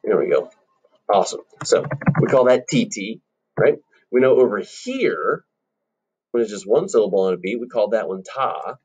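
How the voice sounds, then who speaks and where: A man's voice: animated, moderate pace, a little mellow, breathy edge, lo-fi sound. A male music teacher giving a recorded lesson to children, friendly and encouraging, explaining patiently. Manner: friendly and encouraging, explains patiently, sings short phrases high up.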